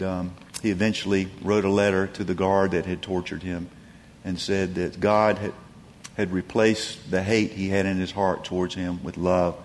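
A man preaching a sermon, telling stories and swinging from emphatic peaks down to soft, low passages. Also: long reverb tail. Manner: storytelling, rising to emphatic peaks then dropping soft and low. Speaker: pastor.

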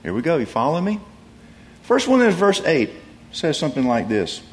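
Male preacher, lively pitch, chatty sermon delivery, frequent restarts. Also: moderate pace. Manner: conversational, animated storytelling with many restarts.

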